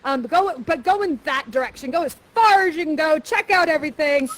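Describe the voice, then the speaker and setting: A young woman guiding players through interactive live theater, playful and theatrical, coaching them with a steady stream of "that's right.". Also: sits high, a little fast.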